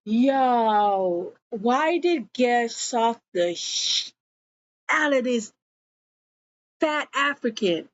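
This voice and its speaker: A woman's voice: fairly high pitch, animated, slow, no room sound, lo-fi sound. A woman casually recapping a TV episode, slangy and laughing often. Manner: slangy and laughing, says yo a lot. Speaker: show recap vlogger.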